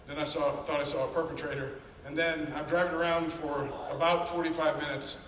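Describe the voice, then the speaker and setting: Man, fairly high voice, candid testimony, heard from a distance in a big reverberant hall. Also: little pitch movement, brisk, few pauses, fairly bright tone. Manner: candid, earnest storytelling with quoted inner voices. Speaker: speaker sharing his story. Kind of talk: personal testimony talk. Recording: echoey hall, mic at a distance.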